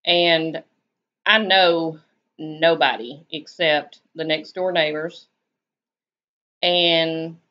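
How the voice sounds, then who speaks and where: A woman's voice: sits low, steady tone, drawn-out words, long pauses. A woman with a Southern US accent, chatting casually on her live stream and answering viewers' comments in a laid-back, drawling way. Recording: dull lo-fi stream audio.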